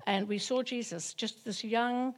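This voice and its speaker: A woman giving an earnest, emotional personal testimony to a small group, with halting restarts. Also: on the high side, fairly even intonation. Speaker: church member sharing a testimony.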